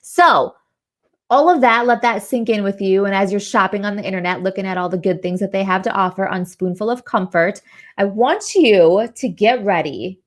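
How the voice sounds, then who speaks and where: A woman hosting a charity livestream talks in a warm, effusive rush. She sounds mid-pitched and eager, with plenty of laughter. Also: normal speed. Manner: effusive, gushing, laughs often. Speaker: host.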